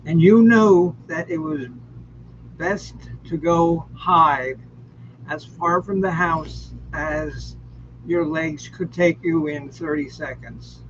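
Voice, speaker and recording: A joking man on a casual livestream game night who rambles slowly through plenty of fillers. His voice sits a touch high for a man. The sound is muffled, with a faint hiss underneath.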